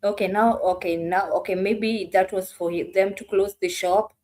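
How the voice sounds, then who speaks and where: A woman's voice: medium pitch, fairly even intonation, moderate pace, a little mellow. A woman hosting a reaction video, talking in a sarcastic, exasperated way straight to her viewers. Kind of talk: casual reaction commentary.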